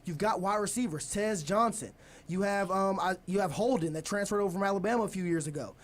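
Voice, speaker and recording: A man's voice: sits high, quick pace. A young man hosting a college sports radio show, talking casually and energetically as he previews games. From United States. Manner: energetic, leads the segment, stalls and laughs.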